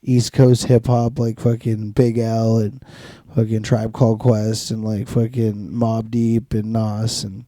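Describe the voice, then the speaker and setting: A man's voice: lowish voice, flat delivery, a little slow, few pauses, warm tone, no echo, clean studio sound. A man co-hosting a podcast in casual chat, rambling and swearing a lot, laughing often. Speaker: podcast co-host.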